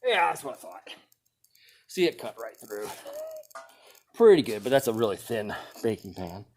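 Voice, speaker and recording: A man with a lowish voice talks casually as he demonstrates, relaxed and thinking aloud, with an easy chuckle now and then. His voice comes through a camera mic that drifts nearer and farther, over a faint hiss of background noise. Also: normal speed. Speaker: video host demonstrating weapons. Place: outdoors or in a workshop during a test-cutting session.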